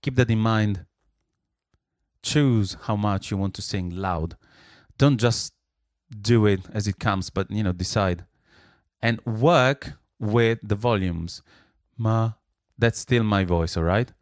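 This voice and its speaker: Male singing teacher, slow and smooth, demonstrates between explanations, dry close sound with faint piano. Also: lowish voice, no room sound. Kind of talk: vocal lesson with sung exercises.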